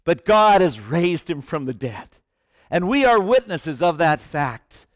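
High-pitched guy preaching hard, drops quiet then shouts, dry close sound. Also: sing-song, unhurried, dry recording. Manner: impassioned, swinging from hushed to shouting. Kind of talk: sermon.

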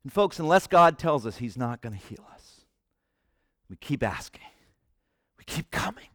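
A man preaching a sermon with passion, swinging from hushed lines to shouting. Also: mid-range voice, big pitch swings, normal speed, dry recording, studio quality.

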